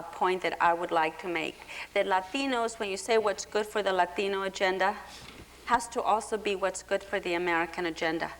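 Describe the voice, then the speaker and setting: Impassioned woman panelist at a forum. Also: fairly low pitch. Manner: impassioned, emphatic, frequent "okay?". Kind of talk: panel discussion. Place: lecture hall forum.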